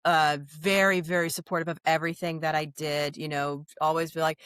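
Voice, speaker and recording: A woman in her thirties, a podcast guest with a neutral Midwestern American accent, telling animated stories with quick asides and frequent laughter. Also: low voice, clear, resonant tone, no echo. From New Orleans. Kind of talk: casual interview chat.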